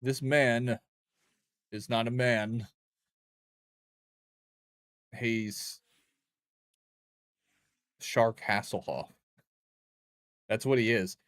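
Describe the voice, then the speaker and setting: A man's voice: medium pitch, steady tone, extremely slow, long pauses, a bit bright, dry recording, clean studio sound. A young man streaming a game, rambling and joking with chat in a loose, crude way. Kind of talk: casual gaming stream chat.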